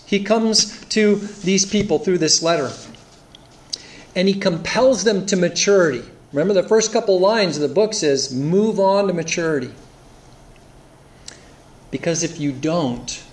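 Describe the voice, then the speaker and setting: A man's voice: a little high, creaky, a little hiss or hum. A man preaching an earnest expository sermon, reading scripture aloud and explaining it. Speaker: pastor.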